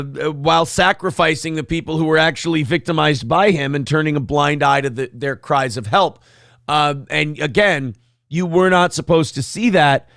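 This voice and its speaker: A man's voice: on the high side, a bit bright, no echo, studio quality. A man co-hosting a comedy show, riffing crudely with mocking bursts of impressions. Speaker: co-host. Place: studio.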